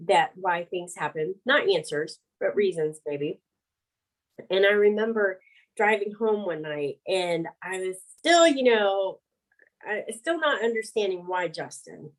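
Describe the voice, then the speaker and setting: A middle-aged woman, an interview guest, telling her story candidly, frank and animated, laughing between words. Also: fairly low pitch, rough recording.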